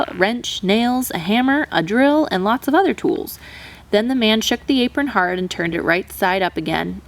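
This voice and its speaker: A woman teacher reads a children's storybook aloud with lively expression. Her pitch sits in a middle range but swings widely as she tells the story. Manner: expressive, animated.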